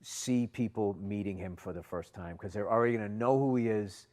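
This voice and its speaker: A man's voice: on the low side, a little fast, darkish tone. A rambling, cursing male podcast storyteller. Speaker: podcast co-host. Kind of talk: casual chat.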